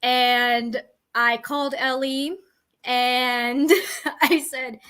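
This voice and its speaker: A woman's voice: a little high, steady tone, unhurried, a bit bright. A young woman telling a personal story to her vlog audience, rambling and self-deprecating. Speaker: vlogger. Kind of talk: casual storytelling to camera.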